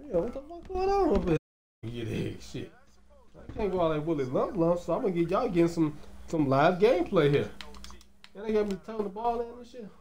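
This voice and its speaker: A man giving loose, slangy, excitable commentary over a basketball video game, peppering his talk with casual fillers. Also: fairly high pitch, roomy sound. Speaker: gaming commentator.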